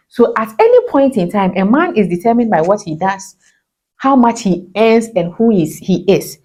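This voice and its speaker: A woman giving casual relationship advice to camera in an animated way, often calling viewers "my dear". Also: medium pitch, moderate pace. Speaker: relationship vlogger.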